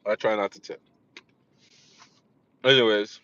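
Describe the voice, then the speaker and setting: A man's voice: fairly low pitch, steady tone, a little slow, pushed and bright, no room sound, muffled recording. A man talking in a casual vlog monologue, rambling and often restarting his sentences. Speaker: vlogger.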